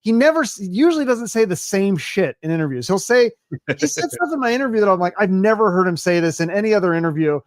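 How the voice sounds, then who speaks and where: A chatty, enthusiastic man hosting a podcast who swears casually as he talks. His voice sits notably high, and the sound is dry and close. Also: animated, quick pace, dry recording. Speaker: podcast host. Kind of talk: casual chat.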